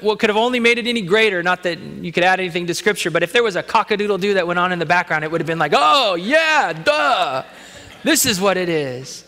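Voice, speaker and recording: A man's voice: high voice, bright, forceful tone, long reverb tail. A man pastor preaching a sermon, in an earnest, conversational way.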